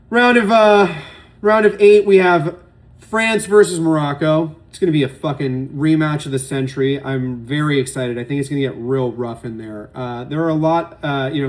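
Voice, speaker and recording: A man's voice: a little high, darkish tone. Profane rambling sports talk guy. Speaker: sports podcast host. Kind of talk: casual solo sports commentary.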